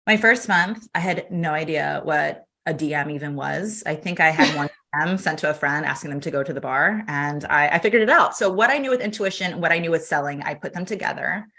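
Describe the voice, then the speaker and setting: Animated woman telling stories, bright voice. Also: low voice, brisk, few pauses. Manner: animated, acts out quoted dialogue, laughs often. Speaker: podcast guest. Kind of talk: casual storytelling interview.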